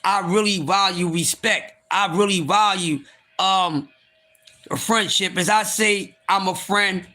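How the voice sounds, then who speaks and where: High, bright-voiced ranting stream host. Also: male voice, slow pace. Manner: animated, swings from calm to shouting; blunt and profane. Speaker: livestream host. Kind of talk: live stream rant.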